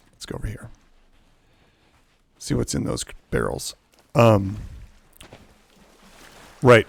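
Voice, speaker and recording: A man streams a pirate game live, rambling through his rules with self-correcting restarts and muttering under his breath as he plays. His lowish voice has vocal fry and a darkish tone, recorded dry.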